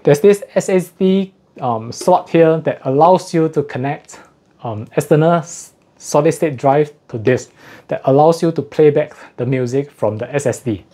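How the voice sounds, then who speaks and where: A man's voice: fairly high pitch, normal speed, mellow. A man reviewing audio gear in a casual unboxing walkthrough, slightly out of breath, explaining technical details methodically and correcting himself as he goes.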